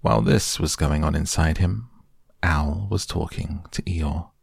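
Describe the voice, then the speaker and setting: Brief: a man reading a children's storybook, unhurried and gentle, very deep voice with a gravelly edge. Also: fairly even intonation, no room sound, studio quality. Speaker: narrator.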